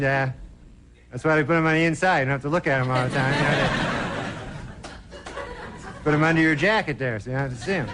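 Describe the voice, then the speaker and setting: A man's voice: on the high side, a bit bright, a little hiss or hum. A man doing a stand-up routine on a television studio stage, with a loose, rambling delivery full of "you know" and "uh". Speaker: stand-up comedian.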